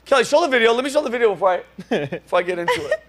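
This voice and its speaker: A middle-aged man hosting a comedy podcast, telling an animated story full of laughter and acted-out quotes. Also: extremely high pitch, very fast.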